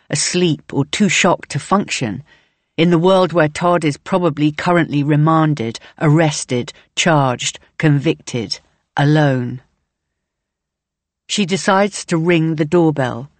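A woman reading a novel aloud in measured, present-tense audiobook narration. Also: low-pitched, no room sound.

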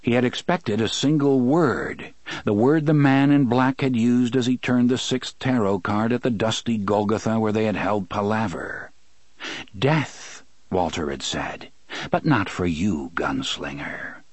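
A man narrating an audiobook in a measured, steady reading, close to the mic. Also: medium pitch, dry recording. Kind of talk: scripted narration.

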